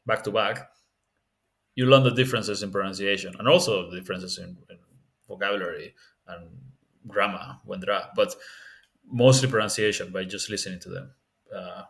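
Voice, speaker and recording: A man's voice: sits low, steady tone, normal speed, creaky, long pauses, fairly bright tone. A man giving a casual spoken tutorial on learning languages, candid and rambling, often restarting his sentences.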